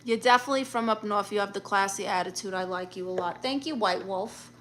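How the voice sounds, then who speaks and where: Sassy bright-voiced woman live-streaming. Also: medium pitch, brisk, slight background noise. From Puerto Rican and Guatemalan family. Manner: sassy, blunt comebacks to chat comments. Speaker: livestream host reading viewer comments. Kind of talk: casual live-stream chat.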